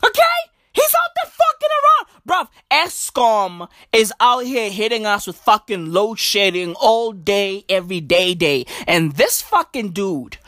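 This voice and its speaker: A woman's voice: mid-range voice, lively intonation, measured pace, few pauses, fairly bright tone, dry recording, clean studio sound. A woman delivering a profane comedic rant, mocking and repetitive, hammering lines home with heavy swearing. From South Africa.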